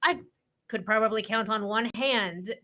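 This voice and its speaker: A woman co-hosting a casual talk show, with a sarcastic, deadpan delivery. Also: on the high side, measured pace. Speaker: podcast co-host. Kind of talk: casual chat.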